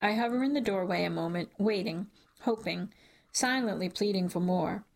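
A woman reading a first-person novel aloud in a measured, wry storytelling manner. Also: mid-range voice, creaky. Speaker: audiobook narrator. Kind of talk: first-person audiobook narration.

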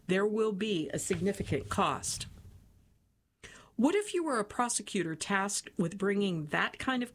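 Woman reading an interview aloud. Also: mid-range voice.

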